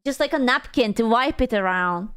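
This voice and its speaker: A woman's voice: fairly high pitch, animated, moderate pace, a bit bright, smooth. A young woman streaming, chatting casually and playfully, teasing and swearing often. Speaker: VTuber streamer. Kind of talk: casual livestream chat.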